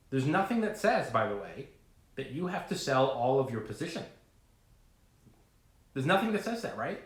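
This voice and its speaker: A man vlogging to camera about trading, talking in a rambling, animated way full of fillers and asides. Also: on the high side, fairly quick, roomy sound. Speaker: finance vlogger. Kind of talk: casual talking-to-camera rant.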